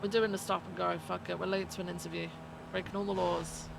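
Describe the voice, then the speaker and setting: A woman's voice: on the low side, little pitch movement, fast talker, creaky, slight background noise. A woman streaming a police role-play game, chatting loosely and swearing freely as she greets her viewers by name. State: feels she is losing her voice. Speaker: streamer playing a police lieutenant. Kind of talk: casual live-stream chat and role-play.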